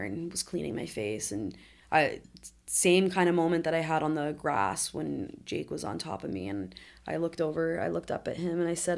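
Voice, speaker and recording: A woman's voice: deep voice, very animated, moderate pace, creaky, darkish tone. A woman in her twenties, a podcast guest, candidly retelling a traumatic accident, laughing through hard moments. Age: 20s. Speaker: interview guest. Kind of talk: emotional personal storytelling.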